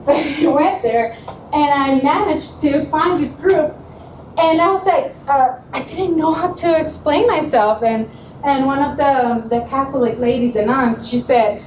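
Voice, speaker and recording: A woman's voice: high-pitched, unhurried, a little hiss or hum. A woman student giving a presentation at a showcase, telling stories with animation, often laughing and acting out what people said. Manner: animated storyteller, laughs often, acts out quotes. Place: presentation room. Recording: echoey room, mic from far off.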